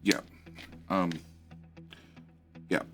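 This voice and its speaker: Speaking very slowly over background music, a middle-aged Australian man with a light accent chats casually on a game live stream. He's rambling and self-mocking, reading chat aloud and answering it with lots of fillers and restarts.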